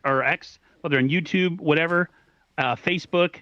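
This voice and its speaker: A man's voice: fairly high pitch, sharp tone, no echo. Man hosting a podcast, muffled sound. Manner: halting, restarts sentences, friendly sign-off. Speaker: podcast host. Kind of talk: casual chat. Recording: dull, muffled audio.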